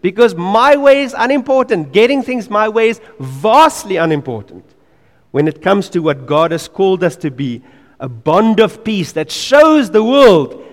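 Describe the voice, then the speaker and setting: A man preaching a sermon in an earnest, emphatic way. He repeats key phrases and drops to quiet asides. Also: high voice, big pitch swings, measured pace, big-room sound.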